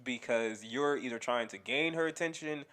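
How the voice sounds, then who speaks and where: A man's voice: medium pitch, moderate pace, a bit bright. A young man co-hosting a podcast in casual chat, rambling, swearing and laughing often. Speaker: podcast co-host.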